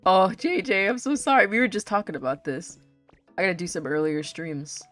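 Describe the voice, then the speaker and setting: Low-voiced woman streamer, casual chat, light music underneath. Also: a little fast, a bit bright. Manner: chatty, giggly. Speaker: game streamer.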